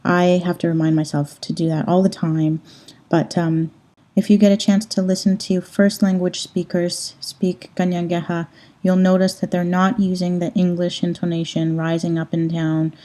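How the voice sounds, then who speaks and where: A woman giving a recorded language lecture in a very mellow, dark voice, pitched a little low. She explains patiently and slows down to pronounce each example word with care. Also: little pitch movement. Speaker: language teacher.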